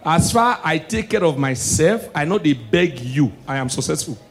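Nigerian male stand-up comic, high voice, loud punchlines. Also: lively intonation, normal speed. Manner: shouting punchlines, mock-preacher delivery. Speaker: stand-up comedian. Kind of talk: stand-up comedy in pidgin.

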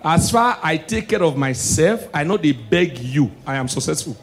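High-voiced Nigerian stand-up comedian. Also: male voice, normal speed. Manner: loud, animated punchlines mixing Pidgin and English. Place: live stage show.

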